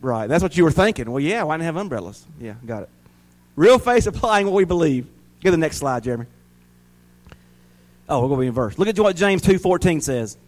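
High-voiced joking preacher man. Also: big pitch swings, brisk, darkish tone. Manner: folksy, joking, rising to emphatic preaching. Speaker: pastor. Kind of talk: sermon.

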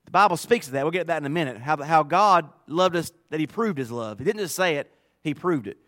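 A man's voice: on the high side, lively intonation, fast, a bit bright, dry recording, clean studio sound. A male pastor preaching a sermon in a conversational, emphatic way, often repeating phrases.

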